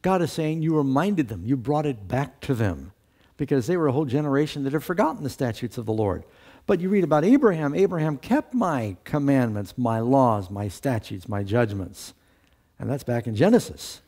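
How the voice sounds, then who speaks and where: Mellow-voiced man teaching a Bible class. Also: mid-range voice, big pitch swings, normal speed. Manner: asks the class questions and answers them himself; reads scripture aloud with lifted emphasis. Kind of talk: Bible study lesson to a class.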